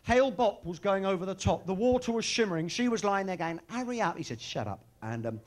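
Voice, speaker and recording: A stand-up comedian with a high-pitched voice talks fast through a cheeky, bawdy set. He banters with the audience at a live comedy venue.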